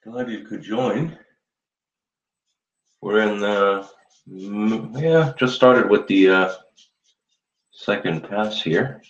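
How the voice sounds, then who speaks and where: Very deep-voiced man chatting while shaving. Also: very slow, long pauses. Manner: relaxed, rambling, chuckles often, talks to viewers. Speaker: livestream host. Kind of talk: casual live chat while shaving. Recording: roomy dull lo-fi sound.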